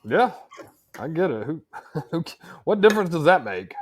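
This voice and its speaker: A man's voice: on the high side, big pitch swings, moderate pace, slight background noise. A man co-hosting a casual podcast, laid-back and chatty, peppering his talk with "man" and "dude". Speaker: podcast co-host.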